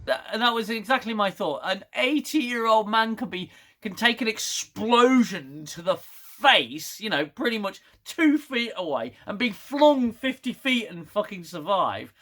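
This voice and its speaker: A man's voice: high voice, lively intonation, unhurried. A man reviewing a TV episode in a casual, sarcastic, exasperated rant. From United Kingdom. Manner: sarcastic, exasperated, laughs loudly. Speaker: TV show reviewer.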